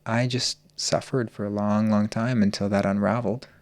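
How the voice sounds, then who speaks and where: Man, earnest storytelling, gravelly low voice, dry close sound. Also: steady tone, a little mellow, no room sound. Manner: earnest, open, slow and searching. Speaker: podcast guest, healer. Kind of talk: reflective personal storytelling.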